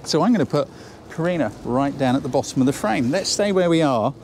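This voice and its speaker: A man's voice: a little high, expressive, a little fast, a little mellow, slight background noise. A man teaching photography on a shoot, chatty and encouraging, thinking aloud as he works. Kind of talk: on-location photo lesson. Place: outdoors then inside a building on a shoot.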